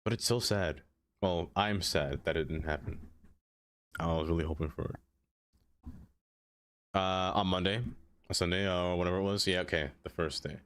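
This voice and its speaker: A man with a fairly low voice chats casually on a live stream and talks to viewers by name. He rambles, drifts between thoughts and fills his sentences with "like." His tone is loose and easygoing, never scripted. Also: steady tone, moderate pace, long pauses, a bit bright, clear, resonant tone. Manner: rambling, chatty, answers viewers by name, many "like" fillers. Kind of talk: casual live-stream chat while playing a city-building game.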